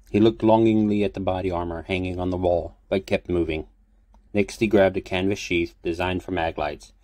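A man reading a fan fiction audiobook in a calm, steady storytelling manner. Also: low-pitched, no echo. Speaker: audiobook reader.

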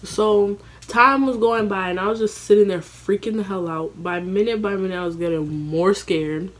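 A young woman vlogger telling a story in a casual, animated, profane way, acting out her own panicked lines. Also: medium pitch, normal speed. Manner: animated, profane, dramatic self-quoting.

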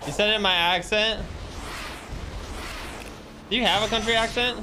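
A man's voice: high voice, normal speed, pauses often, noisy background. Jokey young man streaming a game. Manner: jokey, chats with viewers while playing. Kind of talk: casual gameplay commentary. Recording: game music playing behind.

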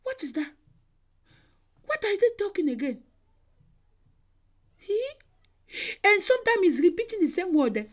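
High-pitched, animated woman evangelist; exhorting sermon delivery, repeats lines, shouts now and then. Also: unhurried, pauses often. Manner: emphatic, repeats phrases, exhorting.

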